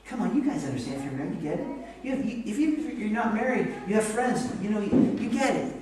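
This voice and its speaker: A man in his forties preaches with a lively, swooping delivery and a somewhat high pitch. He acts out the voices he quotes. The sound is very roomy and picked up from a distance, with faint room hiss behind him. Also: fast. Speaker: pastor. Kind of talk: sermon. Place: church sanctuary. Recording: echoey church hall mic from a distance.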